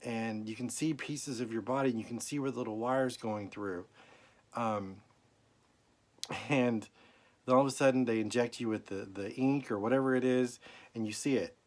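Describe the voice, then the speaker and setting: A man's voice: mid-range voice, steady tone, moderate pace. A middle-aged man tells a personal story in a rambling, emotional way, at times close to tears. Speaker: vlogger. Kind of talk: personal health update vlog.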